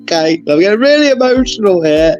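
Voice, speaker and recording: A man's voice: sits high, big pitch swings, fairly quick, a little mellow, lo-fi sound, soft background music. A man rating football players on a fan channel, gushing and emotional, stumbling over his words. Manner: gushing, emotional, with frequent restarts. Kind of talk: casual chat.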